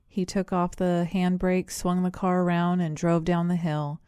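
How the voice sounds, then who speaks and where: A woman narrating an audiobook in a measured, even storytelling manner. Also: lowish voice, clear, resonant tone, dry recording, clean studio sound. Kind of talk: scripted narration.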